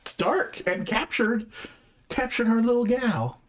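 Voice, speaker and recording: A woman's voice: on the high side, unhurried. A woman streaming a game voice-acting session, chatting casually with playful, swearing banter. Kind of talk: casual chat.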